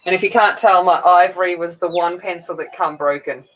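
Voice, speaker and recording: A woman's voice: lowish voice, brisk, poor audio. A woman with a broad Australian accent, chatting casually and rambling while she colours on a livestream. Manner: chatty, rambling, self-mocking.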